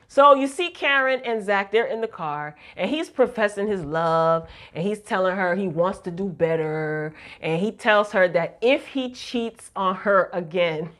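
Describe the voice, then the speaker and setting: A woman's voice: mid-range voice, a little fast. Chatty woman recapping a TV episode. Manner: chatty and animated, slangy, laughs often. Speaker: recap vlogger. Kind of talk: casual TV recap chat.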